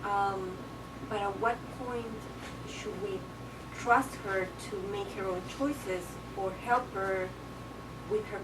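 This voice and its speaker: Audience woman, hesitant questioner, mid pitch, distant and noisy. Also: steady tone, slow pace. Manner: hesitant, searching for words. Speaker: audience member asking a question. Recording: distant mic, noisy room.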